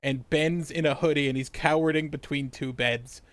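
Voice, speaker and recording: A man's voice: a little high, fairly even intonation, moderate pace, no room sound. A man co-hosting a podcast, recapping a TV episode in casual chat, swearing constantly and laughing a lot. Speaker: podcast co-host.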